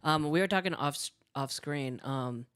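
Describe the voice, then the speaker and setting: A man co-hosting a casual fan livestream, excitable and playful. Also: a little high, moderate pace, smooth.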